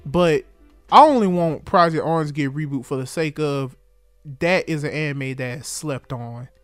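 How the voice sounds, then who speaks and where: A young man on a podcast, enthusiastic and a little higher-pitched than most men. He repeats himself as he gets going and swears casually. The sound is dry and close. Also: moderate pace, no room sound, soft background music. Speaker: podcast co-host. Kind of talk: casual chat.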